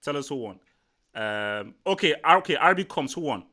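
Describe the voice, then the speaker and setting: A man's voice: medium pitch, moderate pace. A man hosting a casual live football chat, rambling and repeating himself as he talks. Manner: rambling, repeats words, animated. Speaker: livestream host.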